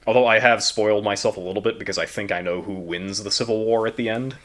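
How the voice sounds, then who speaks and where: American guy, young, podcast co-host; relaxed, joking, lowish voice. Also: fast talker. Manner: relaxed, joking, mock impressions of characters. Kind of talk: casual chat.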